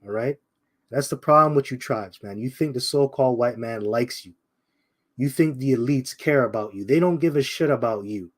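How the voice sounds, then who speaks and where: A man giving an informal scripture commentary in a blunt, confrontational way. He keeps calling his listeners "man", repeats his points and slows down to drive them home. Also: mid-range voice. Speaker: bible teacher.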